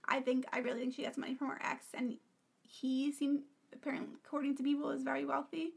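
High-voiced chatty woman podcaster. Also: flat delivery, quick pace, creaky. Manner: chatty, opinionated, often drops to a whisper. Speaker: podcast co-host. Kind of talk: casual chat.

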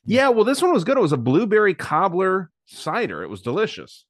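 A man's voice: high voice, a little fast, no echo, studio quality. Easygoing man chatting about beers. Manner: relaxed, joking, reviewing beers on camera. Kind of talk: casual chat.

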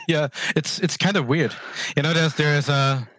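A man with a German accent chatting casually as a podcast guest, relaxed and a little halting. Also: a little high, a little hiss or hum. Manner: relaxed, chatty, stumbles and laughs between phrases. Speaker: podcast guest, game server owner. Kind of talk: casual interview chat.

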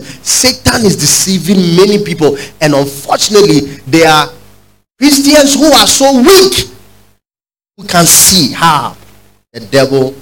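A man preaching a sermon, urging the congregation to repeat lines after him and building to loud, emphatic peaks. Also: a little high, poor audio. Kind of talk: sermon with call-and-response.

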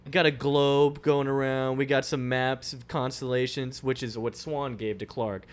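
A man's voice: medium pitch, flat delivery, moderate pace. A young man co-hosting a podcast, chatting casually about a TV episode, laughing often and dropping slang. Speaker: podcast co-host. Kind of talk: casual recap chat.

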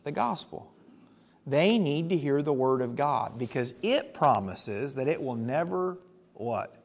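A man's voice: mid-range voice, lively intonation, measured pace. A male pastor preaching a sermon, telling stories with emphasis and putting questions to the congregation.

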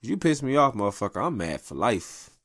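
A man in his thirties hosting a podcast, giving casual advice in a blunt, profane, animated monologue recorded at a home mic. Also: medium pitch, a little fast, no echo, clean studio sound. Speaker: podcast host.

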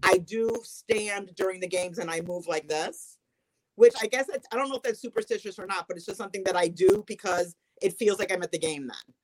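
A woman's voice: mid-range voice, fairly quick, poor audio. A woman guest in a casual chat, explaining her habits at length.

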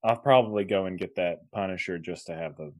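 A man's voice: low voice, brisk. A man co-hosting a podcast in casual chat, rambling with restarts and laughing mid-sentence. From Kansas. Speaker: podcast co-host.

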